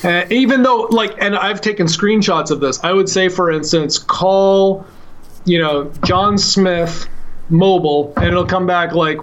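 A man's voice: sits high, a little slow, a bit bright. A man co-hosting a podcast from the United States, chatting casually and rambling, laughing often. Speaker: podcast co-host.

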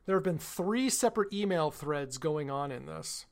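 Man, podcast co-host, slightly high voice, lively and mocking when telling a story. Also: moderate pace, gravelly. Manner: animated retelling, mocking others in quotes. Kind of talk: casual chat, storytelling.

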